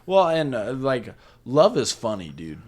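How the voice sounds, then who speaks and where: A man's voice: mid-range voice, big pitch swings, unhurried, a little mellow. A young man co-hosting a casual chat, emphatic, swearing a lot and saying dude and bro. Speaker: podcast co-host.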